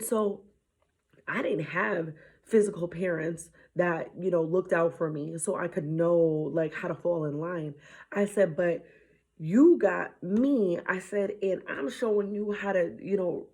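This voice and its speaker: A woman with a husky, slightly breathy voice tells a story about her children in a casual faith talk. She acts out what she said to them and slips into hushed whispers now and then. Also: on the low side, measured pace. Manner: animated retelling, dropping to a whisper at times. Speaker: mother sharing a faith message.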